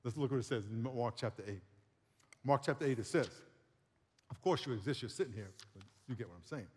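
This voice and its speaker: A man in his sixties preaching a sermon, lively and joking, laughing as he leads the congregation. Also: medium pitch, fairly quick. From San Diego area. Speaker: pastor. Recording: long hall reverb.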